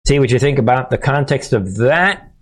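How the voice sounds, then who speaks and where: A man hosting his own commentary channel, talking straight to his audience in a loose monologue. His voice sits in a middle pitch, and his delivery is emphatic, full of punchy asides and repeated catchphrases. He restarts his sentences often as he goes. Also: animated, normal speed. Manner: talks straight to viewers with frequent restarts. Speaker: host of a political commentary channel.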